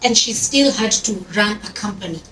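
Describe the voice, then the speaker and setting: An animated female storyteller on an event panel speaks at medium pitch and moderate pace, weaving Swahili into her lively talk with the audience. The event hall sound is echoey and noisy, picked up from a distance.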